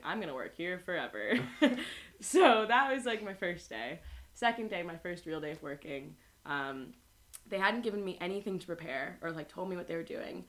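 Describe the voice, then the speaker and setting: A young woman in casual chat with friends, telling a long story with lots of laughs and acted-out quotes. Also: fairly low pitch. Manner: laughs often, animated storytelling with voiced quotes.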